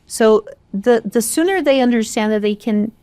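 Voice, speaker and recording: A woman's voice: fairly high pitch, moderate pace, warm tone, clean tone, no echo. A Brazilian woman, an English teacher whose first language is Portuguese, speaking English with a Brazilian accent and making her points emphatically in a casual podcast conversation.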